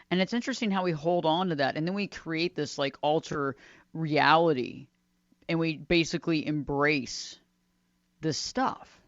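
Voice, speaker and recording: A woman's voice: deep voice, no room sound, highs cut off. A woman hosting a radio talk show, speaking conversationally, repeating phrases for emphasis. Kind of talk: solo talk radio monologue.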